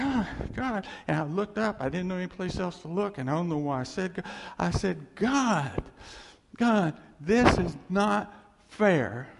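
A man's voice: high voice, gravelly, a little mellow, big-room sound. A man preaching a sermon in an earnest, conversational way, often repeating phrases for emphasis.

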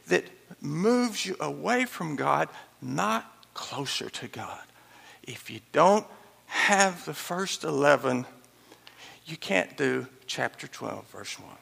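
A man's voice: on the high side, animated, takes it slowly, gravelly, bright, forceful tone, slightly rough, big-room sound. A man preaching an expository sermon, emphatic and pleading, with chuckles and asides to the congregation. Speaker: pastor.

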